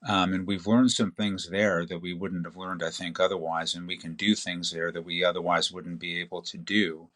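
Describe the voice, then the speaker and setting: A man guest on a podcast interview, explaining in a measured, detailed way. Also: low voice, level tone, a bit bright. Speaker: interview guest, space expert. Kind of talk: conversational explanation.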